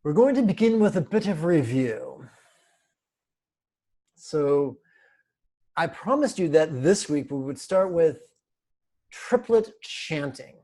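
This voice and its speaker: Slow, laughing meditation teacher man. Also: a little high, very animated, dark tone. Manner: slow, deliberate, playful with frequent laughs. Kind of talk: online meditation class. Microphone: video call.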